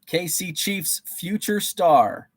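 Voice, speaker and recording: A man's voice: high voice, animated, slow, no room sound. Chatty man hosting a card quiz stream. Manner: reads viewer names and answers, chatty and playful. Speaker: host running a trading card guessing game on a live stream. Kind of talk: casual live-stream chat.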